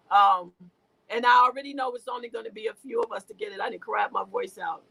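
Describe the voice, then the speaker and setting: A woman's voice: on the high side, fairly quick, vocal fry, sharp tone, rough recording. A woman guest speaking in an emotional, preachy way, often repeating and restarting her words. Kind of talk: impassioned spiritual talk.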